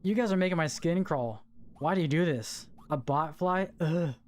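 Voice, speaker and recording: A streamer groans and begs at chat while gaming, squeamish and slangy, repeating phrases often as music plays. Their medium-pitched voice is a little mellow and moves at a normal speed.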